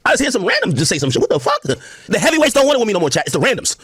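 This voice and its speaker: High-pitched, lively man ranting on a stream. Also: racing, slight background noise. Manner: profane, mocking, laughing. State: drunk. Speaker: livestreamer. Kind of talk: drunk rant on a livestream.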